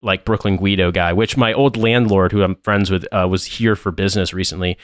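A man's voice: deep voice, steady tone, clear, resonant tone, no room sound, clean studio sound. An American man hosting a podcast, telling stories in casual chat and laughing along. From United States. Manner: fast, rambling storyteller with laughs. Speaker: podcast host.

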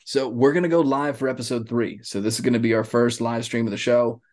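A man's voice: mid-range voice, fairly even intonation, quick pace, darkish tone. A man co-hosting a sports podcast, joking loosely and swearing freely in casual chat. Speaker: podcast co-host.

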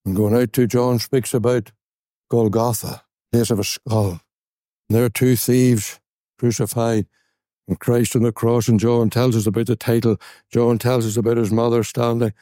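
A man with a Northern Irish accent preaching an evangelistic gospel sermon, earnest, repeating words and slowing on key phrases for emphasis. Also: mid-range voice, flat delivery, dark tone, no echo, clean studio sound. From Northern Ireland. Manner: slows down and stresses key phrases.

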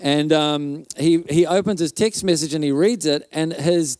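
A male pastor preaches at a conference, telling a story in a loose, chatty way. He fills his telling with restarts and little mouth sound effects. His voice sits a bit high, and the sound is dry and close. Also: moderate pace, darkish tone, no echo.

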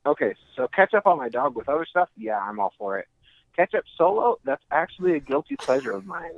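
A man co-hosting a podcast, blunt and expressive about his likes and dislikes. His pitch rises and falls in a lively way as he talks. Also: a little fast, gravelly, phone-quality sound. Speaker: podcast co-host. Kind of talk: casual chat.

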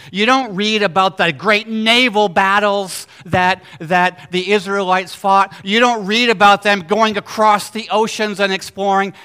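A man preaching a sermon, swinging between loud exclamations and hushed storytelling and asking his listeners rhetorical questions. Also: sits high, smooth. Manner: asks the congregation rhetorical questions. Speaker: pastor.

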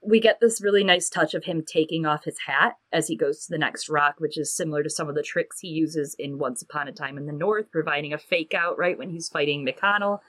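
A woman co-hosting a chatty podcast, animated and lively as she acts out quoted lines. Her voice sits a bit low and sounds close and dry, with little room sound. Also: brisk, hardly any pauses, dry recording. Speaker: podcast co-host. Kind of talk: casual chat.

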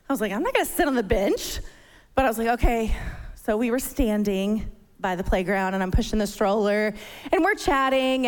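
Woman, thirties, sermon, lively storyteller, fairly high voice, long hall reverb. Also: clean tone. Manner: animated storytelling, acting out her own panic. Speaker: church speaker.

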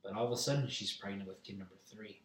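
A man's voice: lowish voice, fast talker, slight background noise. A young man telling a rambling, profane story in casual chat, heard from a distance in a room. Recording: roomy, distant mic.

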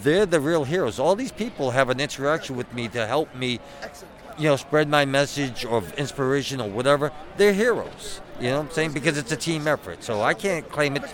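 A middle-aged man talks casually in an outdoor street interview. He is self-deprecating and punny, and acts out what people say to him in a voice of middling pitch. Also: lively intonation, fairly quick. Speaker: Batman cosplayer.

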